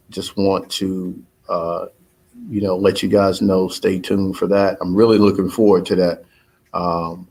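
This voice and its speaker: A man, likely in his thirties, giving a rambling, motivational update to his followers about his business, with many fillers and restarts. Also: sits low. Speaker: business owner addressing followers. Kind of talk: casual spoken update.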